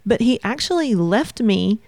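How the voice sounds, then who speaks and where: A woman, a counselor and podcast guest, telling a story in an animated way and acting out her own thoughts. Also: a little high, measured pace, gravelly, dry recording. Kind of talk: casual storytelling in conversation.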